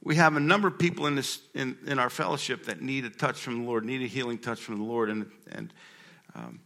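A man's voice: medium pitch, animated, brisk, creaky, pushed and bright. A male pastor preaching a sermon in a conversational way, reading scripture aloud and asking his listeners questions. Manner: conversational, reads aloud and asks the room questions.

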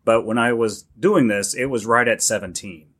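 A man's voice: mid-range voice, moderate pace, a bit bright. A man co-hosting a podcast in casual chat, easygoing and agreeable. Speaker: podcast co-host.

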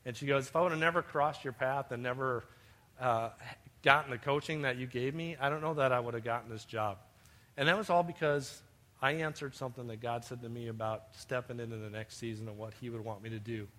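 A man's voice: mid-range voice, fairly quick, fairly bright tone. A man preaching a sermon, telling personal stories and addressing his listeners as beloved. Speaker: pastor.

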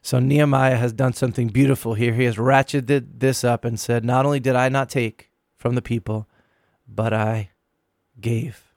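A middle-aged man, a pastor, earnestly recounting a sermon he preached and slowing down to stress key words. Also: medium pitch, steady tone, gravelly, a little mellow, no echo, clean studio sound.

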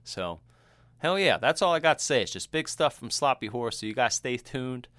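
A man co-hosting a casual podcast chat, animated and often laughing, acting out the people he tells about. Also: medium pitch, moderate pace, dry recording. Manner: animated, laughing, acts out quoted voices. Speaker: podcast co-host.

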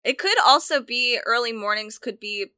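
A woman's voice: fairly high pitch, moderate pace, pushed and bright, clear, resonant tone, dry recording. A woman co-hosting a casual chat, talking about cookbooks with enthusiasm and frequent restarts. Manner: enthusiastic, chatty, self-correcting. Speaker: co-host reviewing cookbooks.

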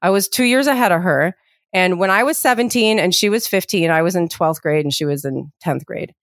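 A woman's voice: lowish voice, fairly quick, no echo, clean studio sound. A woman hosting a podcast, telling a long story casually with lots of filler words. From lived abroad as a teen, international school. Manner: rambling, many "like" fillers, animated retelling. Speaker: podcast host.

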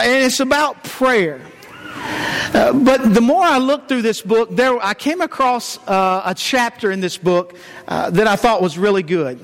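High-voiced folksy preacher man. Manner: folksy, many "uh" fillers. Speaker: church teacher. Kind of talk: Sunday morning sermon lesson.

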